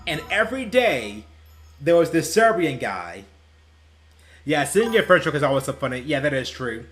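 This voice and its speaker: Lively rambling young man, music behind. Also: fairly high pitch, moderate pace. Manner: rambling, laughing at his own stories. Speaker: gaming YouTuber. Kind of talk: casual storytelling while playing.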